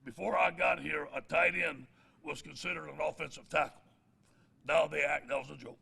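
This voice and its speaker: A man's voice: fairly high pitch, steady tone, normal speed, gravelly, bright, forceful tone, breathy edge. A middle-aged man, a head football coach giving a press conference speech with folksy stories and jokes. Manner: folksy storyteller, laughs at his own jokes.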